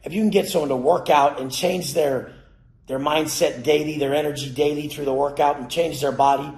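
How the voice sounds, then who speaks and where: A man giving a profane, aggressive motivational rant, cursing and yelling at his listeners. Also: a little high, fairly even intonation, brisk. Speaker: motivational speaker. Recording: roomy echo.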